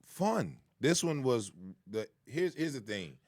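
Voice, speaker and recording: A man's voice: mid-range voice, sing-song, takes it slowly, a little mellow, no room sound. A man who is a stand-up comedian, a guest making his points with emphatic repetitions in casual talk. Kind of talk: casual podcast banter.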